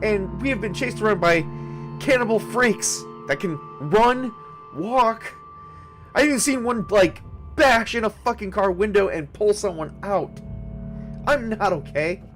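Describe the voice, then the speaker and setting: A man's voice: sits high, measured pace, faint music behind, voice pushed up. A man voicing a nineteen-year-old boy survivor who is frightened, tearful and pleading, swearing as he talks. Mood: scared, pleading. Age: teen.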